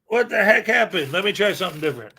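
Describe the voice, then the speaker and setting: A man's voice: high-pitched, animated, quick pace, vocal fry, sharp tone, slight background noise. A man hosting a casual morning live stream, chatty and self-deprecating as he greets viewers.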